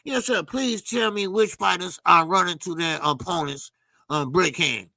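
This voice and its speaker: A man's voice: high-pitched, measured pace, vocal fry, sharp tone, no echo, studio quality. A man hosting a casual boxing livestream, talking animatedly with swearing and greeting chat viewers by name. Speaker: boxing show host.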